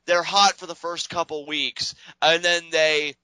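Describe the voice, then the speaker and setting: A man co-hosting a casual wrestling podcast, talking in an animated, sarcastic way and laughing often. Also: fairly high pitch, unhurried, clean tone, dry recording, rough recording. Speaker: podcast co-host.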